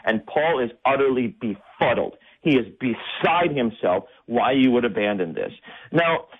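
A pastor teaching a bible study with animated energy, his voice rising into forceful outbursts. The sound is thin and tinny, like a phone line on radio. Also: medium pitch, unhurried, breathy edge. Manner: animated, builds to emphatic outbursts.

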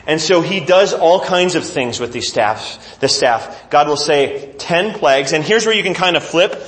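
A man leading a Bible lesson, storytelling in a lively, conversational manner. His voice sits high, and the room around him is echoey. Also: moderate pace. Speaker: Bible teacher.

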